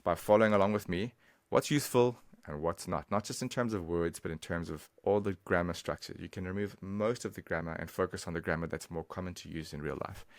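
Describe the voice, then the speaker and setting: Deep-voiced guy teaching a lesson, super casual, dry no-echo sound. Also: brisk, hardly any pauses. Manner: casual, chatty, addresses viewer directly. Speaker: language teacher. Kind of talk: online language lesson.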